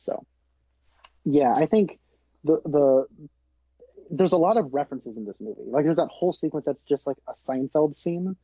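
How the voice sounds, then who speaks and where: A young man in his twenties talking about a film in a relaxed, chatty way, laughing easily. His voice sits a little high, and the recording is dry and somewhat muffled. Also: normal speed, pauses often, husky, no echo. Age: 20s. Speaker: podcast co-host. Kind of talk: casual film review chat.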